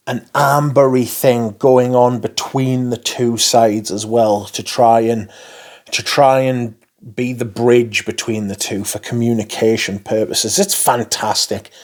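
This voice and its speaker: A man's voice: medium pitch, a little mellow. A man chatting casually and enthusiastically about perfumes, swearing freely and rambling between thoughts. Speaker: fragrance reviewer. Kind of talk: casual chat.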